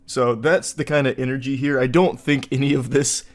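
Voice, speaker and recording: A man's voice: mid-range voice, steady tone, moderate pace. A man hosting a comedic commentary video, reading forum posts aloud and riffing on them in a sarcastic, incredulous way with plenty of filler words.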